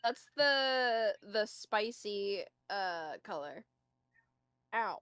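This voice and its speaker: A woman's voice: mid-range voice, lively intonation, fairly bright tone, clear, resonant tone, no room sound. Teasing young-sounding woman player. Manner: teasing, quick to laugh, matter-of-fact. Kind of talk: casual chat at a tabletop game.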